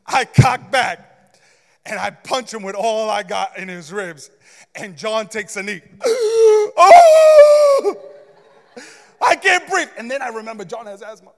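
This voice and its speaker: A man preaching a sermon as pastor, telling a comic story with loud shouts and mock gasping. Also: high voice, moderate pace. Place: church sanctuary. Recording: long hall reverb.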